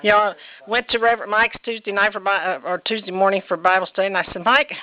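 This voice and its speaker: A woman's voice: mid-range voice, steady tone, fast talker, dull audio. A woman preaching a casual, folksy sermon, chatty and rambling, with self-deprecating laughs. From Indianapolis, United States. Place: church sanctuary.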